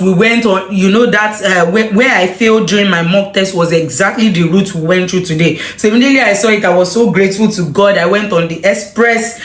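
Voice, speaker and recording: A woman telling a personal story to her viewers, animated and full of exclamations. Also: medium pitch, reverberant. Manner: animated, emotional retelling with exclamations. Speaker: vlogger. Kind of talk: casual storytelling to camera.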